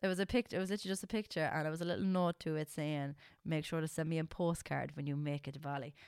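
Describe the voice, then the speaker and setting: A woman in her twenties with an Irish accent, co-hosting a podcast in animated, casual chat full of swearing. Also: deep voice, quick pace, smooth, no echo, clean studio sound. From Ireland. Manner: animated and swearing, says "lads" a lot. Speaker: podcast co-host.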